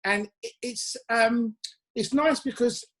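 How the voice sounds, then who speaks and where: Chatty English musician telling stories at home. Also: male voice, extremely high pitch, a bit bright. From England. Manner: chatty, anecdotal, quick asides. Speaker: musician guest. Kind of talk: casual interview chat. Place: his home.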